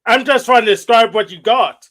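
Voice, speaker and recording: A man calling into a livestream who talks fast and needles the host with sarcastic jabs. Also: extremely high pitch, over a noisy crowd. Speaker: guest caller. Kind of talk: heated livestream argument.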